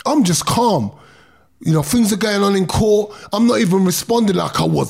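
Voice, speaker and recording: A middle-aged man who used to box relates his own history in an interview at normal speed. His fairly high voice is gravelly and slightly rough, and his emotional storytelling is intense and emphatic, full of elongated words and street slang.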